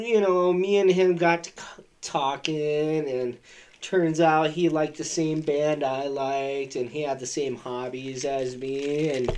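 A man hosting a podcast, telling a rambling, profane story and laughing as he goes. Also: on the high side. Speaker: podcast host. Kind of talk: casual storytelling.

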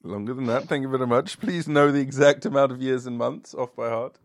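Male podcast host, casual rambling chat, gravelly tone. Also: mid-range voice, a little fast, no room sound, clean studio sound. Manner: laid-back, rambling, laughs often.

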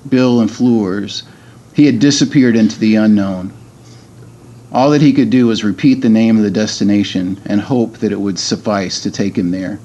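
A man's voice: on the low side, mellow, dull audio. A middle-aged man, a podcast guest, chatting casually and reading a book aloud, hesitant with many ums and restarts.

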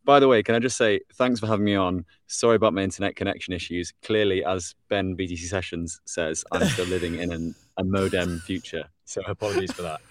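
Deep-voiced British man, dry sound. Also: fairly even intonation, a little fast, hardly any pauses, dry recording. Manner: polite, self-deprecating. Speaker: guest journalist. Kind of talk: casual chat.

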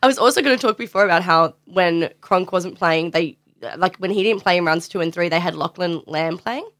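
A young Australian woman in casual podcast talk with a fairly low voice. She argues her point with plenty of likes and laughs easily. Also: brisk, fairly bright tone. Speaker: podcast co-host. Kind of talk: casual chat about rugby league.

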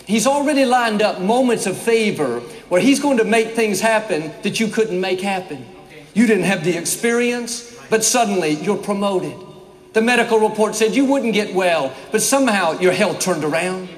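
A man's voice: sits high, animated, normal speed. A man preaching a sermon to a large congregation, folksy and upbeat, rambling a little before he gets going. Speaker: pastor. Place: church in a former basketball arena. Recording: echoey arena reverb.

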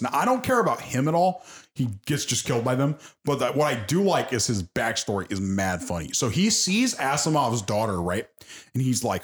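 Brief: young male podcaster, casual, swears freely while he retells a story. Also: medium pitch. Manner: animated retelling with acted quotes, swears freely. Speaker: presenter of an anime.

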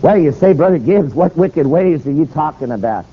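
A man preaching a sermon, telling a story and quoting scripture, with sharp rises and drops. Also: on the high side, lively intonation, normal speed, phone-quality sound, a little hiss or hum.

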